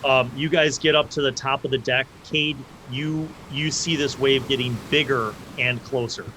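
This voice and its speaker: A man's voice: medium pitch, fairly even intonation, moderate pace, bright, forceful tone, a little hiss or hum, low-quality recording. A man narrating a tabletop game as game master, with loose, vivid descriptions that act out side characters.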